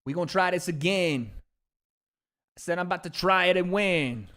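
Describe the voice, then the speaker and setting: A man hosting a casual livestream, talking in excitable slang with sudden outbursts of frustration. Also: high-pitched, moderate pace. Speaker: livestream host.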